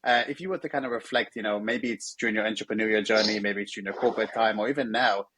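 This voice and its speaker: A man's voice: on the low side, steady tone, quick pace, a bit bright, slight background noise. A man hosting an interview, asking long, rambling questions full of fillers. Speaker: host.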